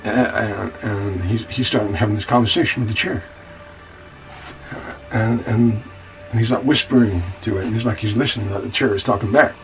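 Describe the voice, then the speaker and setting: An actor playing a blunt scoundrel with a stammering, rambling delivery, narrating a story, recorded from a distance with faint music. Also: male voice, lowish voice, steady tone, normal speed, close to an everyday voice. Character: rough-talking scoundrel man telling a wild story.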